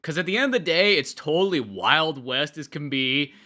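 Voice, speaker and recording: A man's voice: on the high side, lively intonation, normal speed, sharp tone. A man co-hosting a podcast, chatting casually about a movie, swearing freely and laughing often. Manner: profane, laughing, puts on mock voices. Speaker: podcast co-host.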